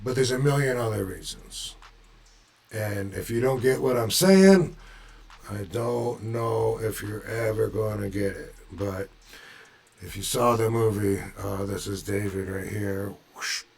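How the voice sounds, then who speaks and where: A man's voice: fairly low pitch, measured pace, creaky, darkish tone. A man casually telling a story, laid-back, chuckling at times, and swearing freely.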